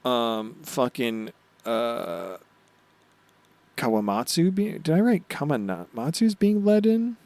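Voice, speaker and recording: Excitable male podcast co-host. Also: medium pitch, dry recording. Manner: excitable, swears, acts out character lines in quick voices. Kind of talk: casual chat recapping anime episodes.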